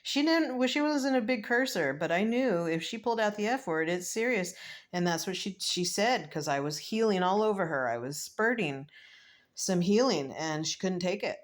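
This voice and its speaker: A woman in her fifties, a tarot reader, talking through a card reading in a reflective, emotional and rambling way, with many fillers and soft laughs. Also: medium pitch, expressive, moderate pace. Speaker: tarot reader and spiritual medium. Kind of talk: casual spiritual vlog, tarot reading.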